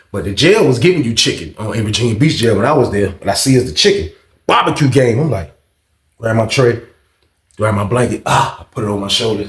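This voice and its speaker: A man telling a story casually in slangy, profane, animated talk. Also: mid-range voice, echoey room.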